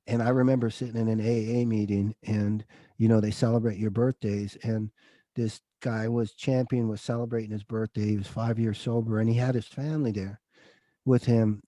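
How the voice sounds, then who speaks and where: A middle-aged man speaks as an interview guest, open and emotional, and he keeps saying dude. His voice is mellow and dark, and the recording is dry and close. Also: lowish voice, flat delivery, normal speed, dry recording. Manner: emotional, confessional, says dude often. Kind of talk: candid interview storytelling.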